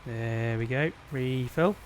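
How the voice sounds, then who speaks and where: Casual British streamer, mid-range voice, narrating gameplay to a friend. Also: male voice, mid-range voice, slow pace, a little hiss or hum. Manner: chatty, narrates his own actions. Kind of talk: casual gaming chat.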